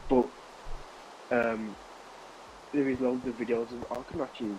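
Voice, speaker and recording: A man's voice: mid-range voice, level tone, moderate pace. Young man over a noisy mic. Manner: rambling anecdote with many restarts and laughs. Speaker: streamer chatting with friends. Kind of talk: casual chat while gaming.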